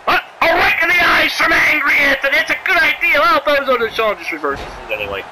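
A game commentator calling a wrestling video game play by play, excitable, sarcastic, yelling at big moves and pleading with the wrestlers. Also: high voice, a little fast, very noisy. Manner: sarcastic asides and mild swearing.

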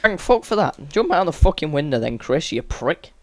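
Male let's-play host, slightly high voice, sweary and exasperated, dry close sound. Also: very animated, fairly quick, dry recording. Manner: sweary, exasperated running commentary. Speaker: gaming channel host. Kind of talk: let's-play game commentary.

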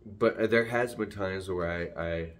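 A man's voice: low-pitched, a little slow. A man vlogging casually about his dog, talking in a rambling way, jumping off topic and restarting sentences, filmed on a phone at home. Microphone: phone camera.

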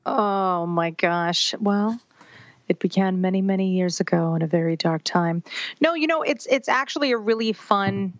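A woman's voice: mid-range voice, normal speed, no room sound. Chatty New woman, dry dull sound. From New York. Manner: chatty and candid, laughs often, acts out quoted voices. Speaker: guest, author and twins parenting founder. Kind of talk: casual podcast interview storytelling.

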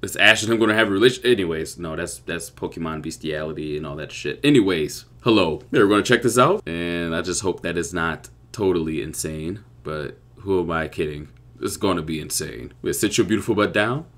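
A young man giving crude, excitable reaction commentary with loud outbursts. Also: low-pitched, a little fast. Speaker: YouTube reactor.

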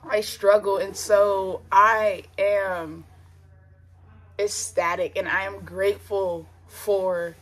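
A woman's voice: medium pitch, little pitch movement, takes it slowly, a bit bright. A young woman vlogger giving an earnest personal faith testimony in her bedroom, emotional and close to tears, talking casually and repeating herself for emphasis. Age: young adult. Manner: earnest, repeats phrases, casual slang and fillers.

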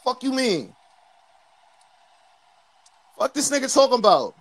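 A man from New York with a New York accent, trash-talking loudly and boastfully as a guest on a livestream call. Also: extremely high pitch, sing-song, a little slow. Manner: brash, boastful, loud. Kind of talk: heated livestream trash talk.

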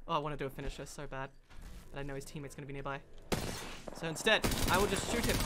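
A woman giving jumpy, excitable in-character commentary over gameplay, often breaking into shouts. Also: fairly low pitch, fairly quick, slight background noise. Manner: jumpy, bursts into shouts and laughter. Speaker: gamer. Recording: loud gunfire from the game behind.

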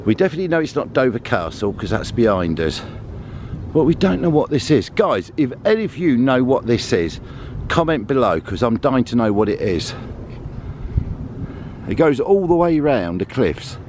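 In casual vlog narration, a family vlogger chats and jokes about being out of breath while walking and climbing outdoors in a town and on clifftops. His medium-pitched voice has a sing-song lilt, a moderate pace, and a slightly mellow tone, with a little hiss or hum.

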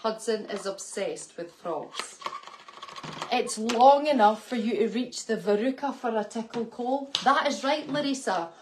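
A woman's voice: fairly high pitch, lively intonation, unhurried, reverberant, noisy background. A young adult woman in casual, teasing banter, reviewing a shopping haul with her wife at home. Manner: teasing, giggly.

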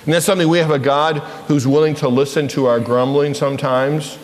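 Pastor guy talking to kids up front, kinda high voice, lots of questions, echoey church. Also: brisk. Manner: animated, asks children questions. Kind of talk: children's lesson in church. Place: church sanctuary.

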